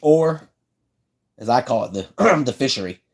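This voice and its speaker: A man's voice: mid-range voice, lively intonation, measured pace. Laid-back Southern man chatting while he works. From South Carolina. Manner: laid-back, drawling, repeats himself, chuckles often. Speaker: livestream host building fishing rods. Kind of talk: casual live-stream chat while working.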